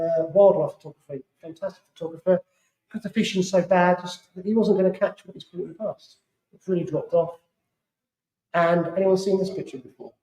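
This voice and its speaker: A man's voice: high voice, warm tone. Chatty English man in an echoey hall. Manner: chatty storyteller, acts out other people's lines. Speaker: angler giving a talk. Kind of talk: live talk to an audience with slides. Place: club hall. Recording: roomy hall echo.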